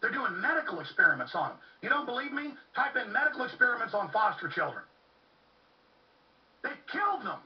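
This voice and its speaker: A man's voice: very high voice, very animated, fairly quick. A man hosting a talk radio show, delivering an impassioned monologue with urgent repetition. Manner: fervent, ranting, with urgent repetition. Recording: muffled, distant, lo-fi recording.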